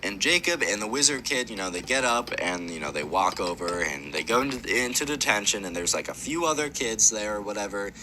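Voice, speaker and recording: A man's voice: on the low side, animated, brisk, few pauses, bright, forceful tone, a little hiss or hum. A man casually telling a rambling story over gameplay, with lots of fillers.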